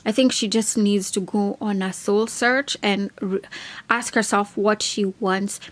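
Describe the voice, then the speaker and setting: A woman's voice: mid-range voice, fairly even intonation, unhurried. A young woman giving a casual, opinionated reality TV recap, full of "like" and slang. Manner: chatty, opinionated, heavy on "like". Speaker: reality TV reviewer.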